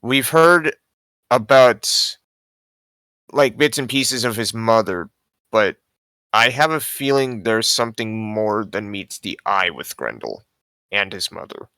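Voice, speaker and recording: Slow, bright-voiced man. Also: on the low side, lively intonation, no room sound. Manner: hesitant, polite, with many ums. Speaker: player. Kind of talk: tabletop role-play.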